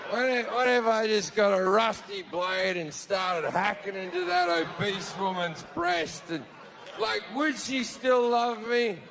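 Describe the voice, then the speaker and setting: A man's voice: high-pitched, animated, a little slow, noisy background. A man performing a stand-up comedy routine live, crude and sardonic, swearing often and acting out characters. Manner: crude, swearing, sardonic storytelling with acted-out voices. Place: live venue with audience.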